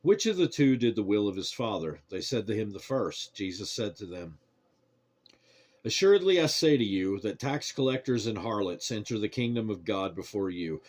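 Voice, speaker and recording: Male reader, lowish voice, even measured scripture reading. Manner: steady, measured reading cadence. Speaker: Bible reader.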